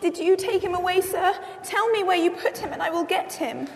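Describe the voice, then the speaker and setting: Woman voicing a distraught young woman, very high, urgent, breathless, echoey hall. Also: fairly quick, slight background noise.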